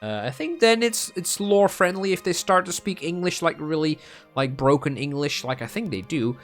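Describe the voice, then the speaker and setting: A man's voice: a little high, lively intonation, normal speed, a bit bright, faint music behind. A young man from the Netherlands with a Dutch accent, chatting casually as a gaming streamer and rambling with many ums and restarts. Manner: rambling and self-mocking, with frequent ums and restarts.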